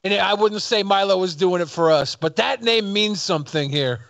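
Male co-host, high gravelly voice, dry close mic, mocking and blunt. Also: normal speed, fairly bright tone, dry recording. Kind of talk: commentary on clips.

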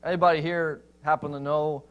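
A man with a fairly high voice preaches a sermon in a church. He hammers home points with rhetorical questions, then drops low and quiet to read scripture aloud. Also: level tone, a little fast, clean tone, dull audio. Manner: emphatic, rhetorical questions, shifts between loud stress and quiet scripture reading. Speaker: pastor.

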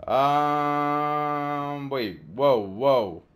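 Brief: rambling let's-play man, high voice, unhurried delivery, game music faint behind. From Canada. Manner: chatty, rambling, excitable, trash-talks enemies. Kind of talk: live game commentary.

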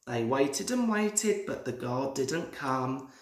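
A young man in his twenties reading a children's storybook aloud as a storyteller. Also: mid-range voice. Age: 20s. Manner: slow, lively storybook reading. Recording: roomy echoey room.

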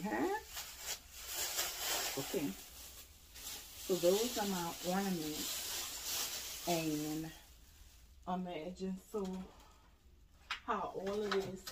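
A woman showing off holiday decorations she bought, talking casually and excitedly straight to her viewers. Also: lowish voice, background noise. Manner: enthusiastic, addresses viewers directly, exclaims over items. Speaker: home decor vlogger. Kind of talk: casual haul show-and-tell.

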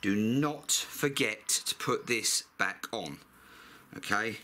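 Chatty man with a bright voice. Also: lowish voice, slow pace. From United Kingdom. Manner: chatty, blunt, swears freely. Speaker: mechanic vlogger. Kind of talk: casual repair tutorial.

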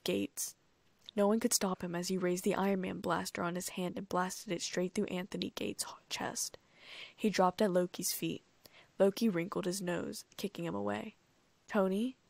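A woman narrates a fan fiction audiobook in a steady reading voice. Her delivery is flat, with a slightly gravelly edge, and the recording is close and dry. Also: mid-range voice, no room sound. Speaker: audiobook reader.

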